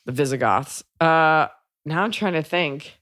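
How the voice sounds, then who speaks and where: Woman podcast host, very low pitch, wry rambling chat, blunt asides. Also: a little slow, a bit bright. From Texas.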